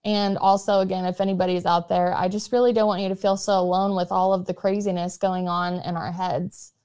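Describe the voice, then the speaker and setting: Young woman blogger, smooth clean voice, earnest near-monotone read-along of her own post. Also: on the low side. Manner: self-described monotone, earnest and measured. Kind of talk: reflective spoken intro and read-along of her writing.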